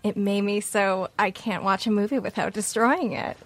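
An easygoing young woman chats as a podcast guest and sounds upbeat. Her pitch is middling for a woman. The sound is dry, with no room in it. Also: moderate pace, dry recording. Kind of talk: casual chat.

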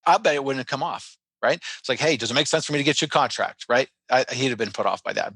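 A man on a podcast explaining a sales method and telling an animated story, acting out his own reactions. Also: mid-range voice, no echo. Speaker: sales trainer guest.

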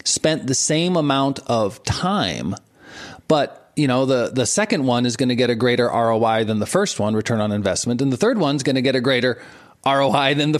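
A man with a medium-pitched voice coaches entrepreneurs, explaining breath and intention in a relaxed, conversational way. He chuckles often and repeats words as he thinks.

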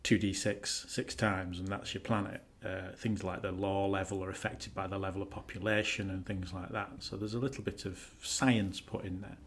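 A man co-hosting a podcast, dry and teasing, explaining his points with measured pauses. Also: sits low, level tone. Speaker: podcast co-host. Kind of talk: casual podcast chat.

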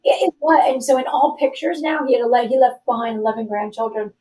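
A woman in her forties speaks as a podcast guest, her voice warm and mellow and pitched a little high. She tells her story candidly, earnest and easily moved, with a streak of self-deprecating humor. She sits slightly back from the microphone, so the sound is a touch distant. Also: fast. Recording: voice a bit distant from mic.

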